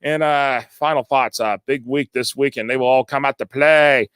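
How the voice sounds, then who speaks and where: A man hosting a casual live sports talk show, excitable and stammering, often laughing and reading viewer comments aloud. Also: mid-range voice, normal speed, clean tone, no room sound.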